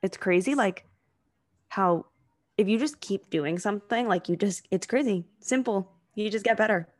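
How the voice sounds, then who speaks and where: A woman's voice: medium pitch, moderate pace, soft background music. A young woman co-hosting a podcast, chatting casually and filling her sentences with "like". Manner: chatty, heavy use of "like" fillers. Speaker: podcast co-host. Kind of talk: casual chat.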